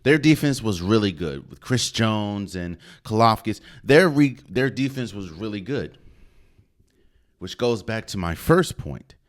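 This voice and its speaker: A man's voice: on the low side, lively intonation, measured pace. A man hosting a podcast, giving emphatic solo sports commentary and repeating phrases for effect. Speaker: podcast host.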